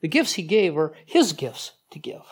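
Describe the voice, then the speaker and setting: A man preaching a sermon in a conversational, animated way, with frequent asides to the congregation. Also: on the high side, moderate pace, husky. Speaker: pastor.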